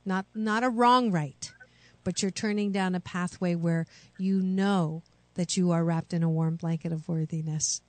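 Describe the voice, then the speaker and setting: A woman hosting a radio call-in show, coaching callers with slow, soothing affirmations. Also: fairly low pitch, a little mellow, dry recording. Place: radio studio.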